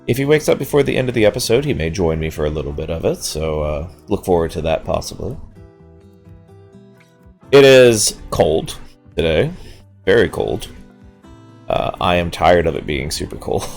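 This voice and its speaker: Deep-voiced, rambling gameplay host. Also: male voice, darkish tone. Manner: rambling, self-amused, casual swearing. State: sleepy, just woken up. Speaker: let's-play host. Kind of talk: gameplay commentary.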